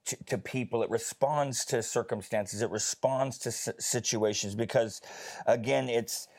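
A man telling a personal story in a casual faith discussion, chatty and animated, with many fillers. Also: mid-range voice, measured pace.

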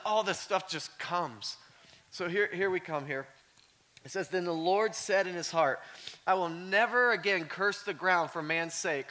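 A high-voiced male pastor gives a conversational sermon packed with "like" as a filler. He starts with quiet storytelling and works his way up to shouting.

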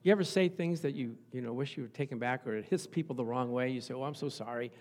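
A man preaching a sermon, telling lively stories and acting out the voices of the people in them. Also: medium pitch, quick pace. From Italian family background. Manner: animated storytelling, acts out voices. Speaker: pastor.

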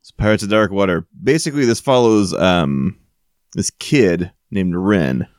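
A man's voice: deep voice, unhurried, no room sound, clean studio sound. A man co-hosting a podcast, chatting casually with a teasing manner and frequent laughs. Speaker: podcast co-host. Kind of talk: casual chat.

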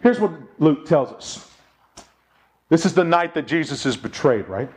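A man's voice: fairly high pitch, lively intonation, a little slow. A man preaching a sermon, telling a story with lots of rhetorical questions and emphatic repetition. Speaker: pastor.

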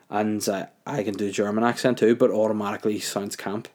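A man's voice: fairly low pitch, fairly even intonation, fairly quick, hardly any pauses, darkish tone. A young man, hosting a solo podcast, laid-back and rambling with lots of fillers. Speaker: comedian podcast host. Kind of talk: casual solo podcast chat.

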